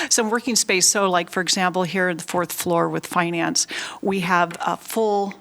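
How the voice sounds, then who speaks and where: A woman with a low, gravelly voice presents to a public meeting. She talks haltingly, with frequent ums and uhs, and sounds a bit short of breath. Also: animated, fairly bright tone. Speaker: county finance director.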